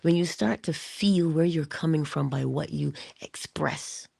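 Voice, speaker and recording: A woman giving an inspirational monologue to her listeners. She speaks deliberately, addresses them directly and drops into whispers for emphasis. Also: deep voice, vocal fry, darkish tone, husky, no room sound, studio quality. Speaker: motivational speaker.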